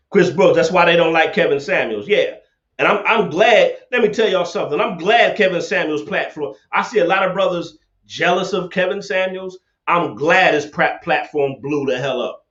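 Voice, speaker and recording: A man with a high-pitched, slightly bright voice hosts a livestream debate at normal speed, ranting confrontationally and preaching as he repeats his points. It's a call-in rant picked up by a laptop webcam, so the audio is echoey, dull and lo-fi.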